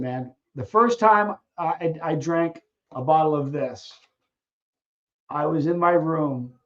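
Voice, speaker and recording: A man hosts a casual live question-and-answer stream and speaks in a fairly high voice. He tells stories in an animated way, acting out the voices of people in them and often stumbling into restarts. The audio is a little dull and lo-fi. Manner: animated storyteller who acts out scenes, halting restarts. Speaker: livestream host answering viewer questions.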